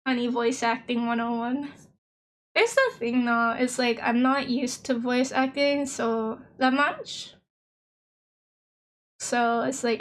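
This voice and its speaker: A young woman streaming a game, chatting casually and giggling, often trailing off mid-thought. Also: fairly high pitch. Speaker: vtuber streamer.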